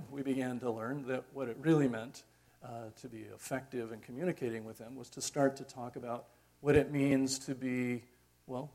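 Male preacher, middle-aged, husky and unhurried, reflective sermon delivery with frequent pauses. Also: medium pitch, a little mellow. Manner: reflective, conversational, many pauses and fillers.

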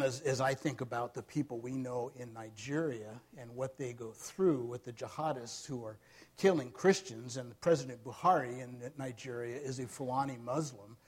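A middle-aged man preaching a sermon, telling stories with bursts of loud emphasis that fall back to quiet asides. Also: breathy edge. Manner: storytelling, rising to loud emphasis then dropping low.

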